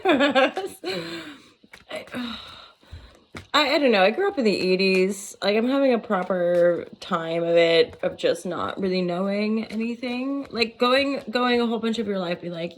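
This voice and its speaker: A woman's voice: medium pitch, moderate pace. A woman in her forties, a tarot reader, rambling playfully in a casual vlog, giggling and swearing freely. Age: 40s.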